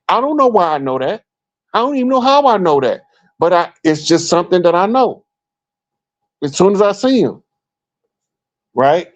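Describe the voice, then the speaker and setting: Animated storytelling man, higher voice. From Chicago. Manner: animated storyteller, acts out quoted remarks. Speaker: guest speaker. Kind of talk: casual storytelling talk.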